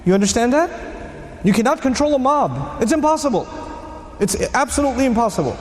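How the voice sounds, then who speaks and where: Male preacher, lively storyteller, higher voice, long hall reverb. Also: a little fast. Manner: animated storyteller who acts out scenes. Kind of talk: sermon lecture. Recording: echoey hall.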